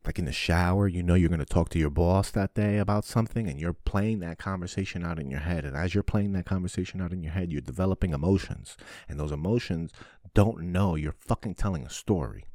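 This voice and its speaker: Blunt, very deep-voiced man. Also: dry recording, clean studio sound. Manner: blunt, profane, animated storytelling. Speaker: podcast host. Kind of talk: casual monologue.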